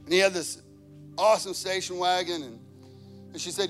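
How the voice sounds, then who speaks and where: A pastor delivers a sermon full of personal stories, building into a fervent, passionate delivery. His voice sits high with a fairly bright tone, moderate pace, and fairly even intonation, while a worship band plays music behind him.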